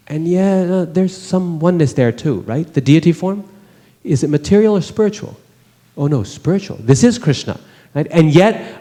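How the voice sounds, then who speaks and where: Mellow-voiced man lecturing in a hall. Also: on the high side. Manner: conversational, asks the class rhetorical questions. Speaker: religious teacher. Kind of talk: scripture class lecture. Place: temple hall.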